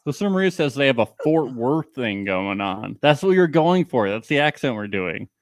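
A man chatting casually as a podcast co-host, trading jokes about a reality show and slipping into a mock drawl for quotes. His voice sits at a middle pitch. The sound is dry and close. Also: big pitch swings, normal speed, no room sound. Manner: jokey, puts on mock Texas drawl when quoting.

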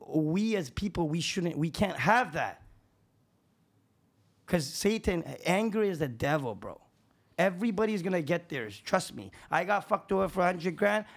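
A man, a contractor and podcast guest, talking in casual chat with a profane, emphatic, preachy manner. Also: high voice.

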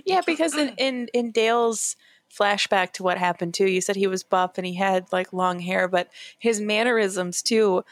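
A woman's voice: medium pitch, normal speed, no echo, clean studio sound. A woman chatting casually as a podcast co-host, enthusiastic and laughing along. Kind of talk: casual chat.

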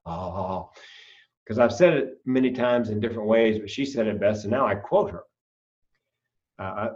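Comedian guest, storyteller, acts out voices, sounds far from a dull mic. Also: male voice, mid-range voice, a little mellow. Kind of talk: casual storytelling interview.

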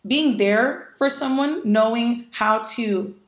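A woman's voice: a little high, slow, roomy sound. A woman talking candidly in a casual podcast conversation, speaking emphatically and swearing bluntly as she makes her points. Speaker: podcast guest.

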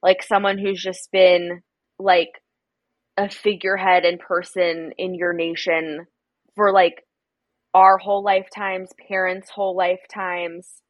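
A woman's voice: fairly low pitch, measured pace, no room sound. Young American woman guest, chatty storyteller; dry, slightly dull recording. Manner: chatty storyteller, acts out quotes in animated voices. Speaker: podcast guest. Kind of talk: casual chat.

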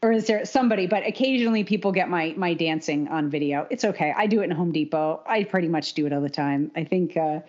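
A woman co-hosts a casual podcast, speaking in a somewhat low voice. She is an animated, opinionated running coach who laughs often. The audio is dull and lo-fi. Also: fast, hardly any pauses.

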